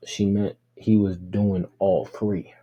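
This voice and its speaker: Low, husky man reacting to a clip. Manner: relaxed, clears throat, stops the clip to explain. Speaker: reaction video host. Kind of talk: casual commentary on a clip.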